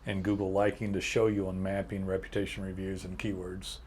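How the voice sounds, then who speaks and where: Brief: podcast host, man, lowish voice, blunt and emphatic. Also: completely flat delivery, brisk, a little mellow, slight background noise. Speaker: podcast host and agency owner. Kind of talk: casual business chat.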